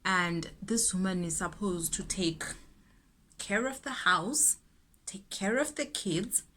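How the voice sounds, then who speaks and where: Slow, earnest South African woman. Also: mid-range voice, animated, pushed and bright. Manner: earnest and indignant, speaks in emphatic repetitions. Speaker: YouTuber. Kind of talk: casual get-ready-with-me chat.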